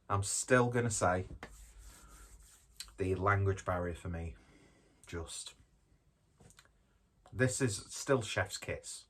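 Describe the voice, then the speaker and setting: A man's voice: low voice, a bit bright, slightly rough. A man reviewing a beer in a casual, rambling way, joking about himself and swearing now and then. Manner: rambling, jokey, self-deprecating, swears casually. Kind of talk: casual tasting chat.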